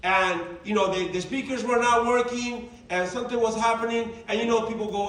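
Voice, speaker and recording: A man giving a motivational training talk to his team, telling lively stories and acting out the dialogue. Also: extremely high pitch, normal speed, hardly any pauses. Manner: animated storyteller, acting out dialogue. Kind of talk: motivational speech. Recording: roomy, distant sound with faint ambience.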